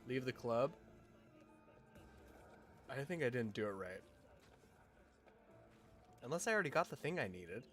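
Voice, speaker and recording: A man streaming a game live, chatting affectionately and excitably with his viewers and reacting loudly to the action. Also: mid-range voice. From Utah, US. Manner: excitable, affectionate, talks to chat. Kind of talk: casual gameplay livestream chat.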